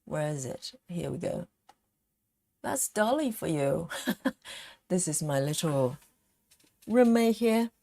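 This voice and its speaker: Slow, gravelly-voiced woman stitching live. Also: low-pitched, very animated, darkish tone. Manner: chatty, giggly, reads out viewer comments. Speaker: cross-stitch live streamer. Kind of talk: casual chat while stitching on a live stream.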